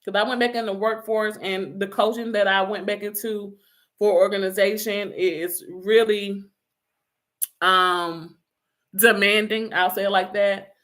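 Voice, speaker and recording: In a steady, mid-range voice with a fairly bright tone and measured delivery, a middle-aged woman life coach urges her audience on. Her motivational talk is insistent and repetitive, punctuated by bouts of self-mocking laughter.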